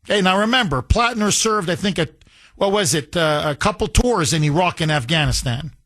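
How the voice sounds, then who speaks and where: A man's voice: fairly high pitch, animated, a little fast, fairly bright tone. A middle-aged man hosting a political talk radio show, delivering a heated, indignant monologue with strong emphasis.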